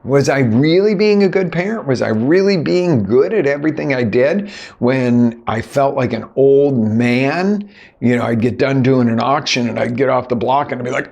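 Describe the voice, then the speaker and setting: A life coach with a medium-pitched, creaky, darkish voice tells a personal story at normal speed in a motivational storytelling monologue. He's conversational and sarcastic, says "you know" a lot, and acts out what other people said.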